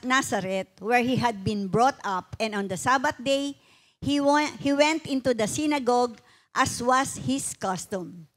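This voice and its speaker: A woman co-preaching a sermon, reading scripture and talking in a mix of Tagalog and English. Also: fairly high pitch. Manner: conversational, mixing Tagalog and English. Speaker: pastor's wife, co-preacher.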